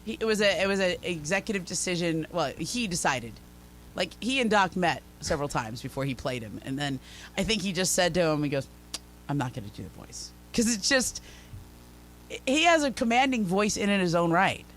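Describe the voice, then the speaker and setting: A man's voice: high-pitched, animated, fairly bright tone, slight background noise. A man co-hosting a sports radio show, talking in a chatty storytelling way. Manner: talkative, storytelling, quick laughs. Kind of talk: casual sports radio chat.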